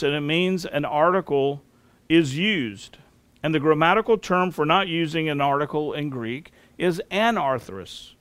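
A man gives a Bible teaching sermon, unhurried and methodical, with a voice sitting a little high for a man. The sound is dry and close, with no room around it. He walks through each point carefully and spells out terms. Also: no room sound. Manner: slow, deliberate explaining with spelled-out terms.

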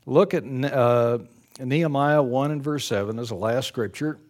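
A man's voice: mid-range voice, darkish tone. An older man delivers a sermon in an earnest, folksy way. He reads a story aloud and breaks off into plain personal asides, with the odd stumble and self-correction along the way. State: choked up with emotion. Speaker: preacher.

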